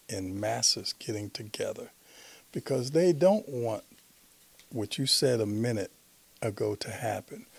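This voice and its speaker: A man's voice: fairly low pitch, vocal fry, fairly bright tone, breathy edge, no echo. A man hosting a talk show, talking in an earnest, conversational way. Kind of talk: casual interview talk.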